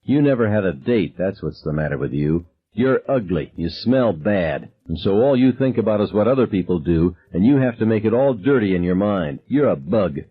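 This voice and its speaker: A man's voice: lowish voice, animated, normal speed, hardly any pauses, slightly rough. A man voicing a cruel teenage girl who taunts in a grim, cutting way, on a dull lo-fi recording. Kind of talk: audiobook character voice.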